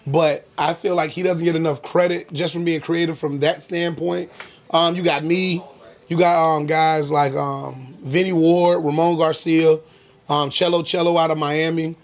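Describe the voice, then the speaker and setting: Laid-back young comedian from Florida. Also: male voice, a little high, fairly even intonation, moderate pace. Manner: laid-back storytelling, frequent "um" fillers, bursts of laughter. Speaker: comedian guest. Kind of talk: casual interview chat.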